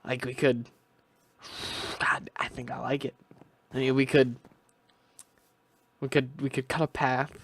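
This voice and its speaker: A young man who makes gaming videos rambles casually over his own gameplay, musing aloud to himself with frequent restarts and asides. His voice is medium-pitched and a bit bright, with a flat delivery, a measured pace and long pauses.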